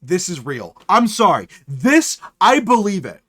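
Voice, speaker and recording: Animated profane male streamer. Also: sits high, a little slow. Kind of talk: casual live-stream chat.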